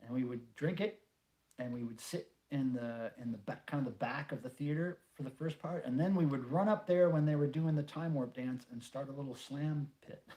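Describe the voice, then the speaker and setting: A man's voice: medium pitch, dark tone. A middle-aged man from North Carolina hosting a casual home livestream, joking and reading viewer comments aloud. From North Carolina, USA. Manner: chatty, jokey, reads viewer comments aloud. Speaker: livestream host. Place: home room.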